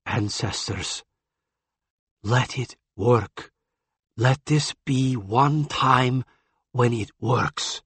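A man voicing an alien male physician who swings between frantic protest and hushed prayer. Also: medium pitch, drawn-out words, long pauses, slightly rough, no room sound, exaggerated voice. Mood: praying. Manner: frantic, pleading.

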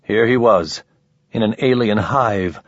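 A man reading a science-fiction novel aloud as narrator, in a measured, unhurried way. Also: on the low side, dry recording. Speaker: audiobook narrator. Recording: slightly dull, dry audio.

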